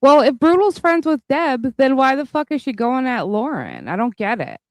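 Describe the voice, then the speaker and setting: A man hosts a heated live stream and speaks bluntly, with frequent swearing and combative questions. His voice swings widely in pitch. The recording is dry and close. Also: sing-song, moderate pace, no room sound.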